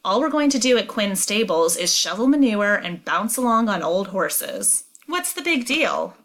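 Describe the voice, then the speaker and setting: A woman's voice: medium pitch, lively intonation, normal speed, a bit bright, close to an everyday voice. A woman reading the lines of a down-to-earth girl who teases her friend with dry, unimpressed remarks, in a storybook read-aloud. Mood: teasing. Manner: dry, teasing. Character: unimpressed teasing outdoorsy girl.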